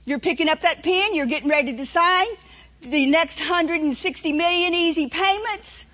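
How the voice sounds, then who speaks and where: A woman preaching a sermon, telling stories and acting out voices with lively delivery. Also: extremely high pitch, normal speed, dull audio. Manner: storytelling, animated, acts out inner voices.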